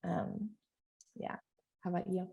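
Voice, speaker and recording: A woman guest telling a personal story in a slightly low voice with plenty of vocal fry. She speaks earnestly and with deep feeling, and laughs often between her sentences. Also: flat delivery, measured pace, dark tone, lo-fi sound. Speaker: podcast guest.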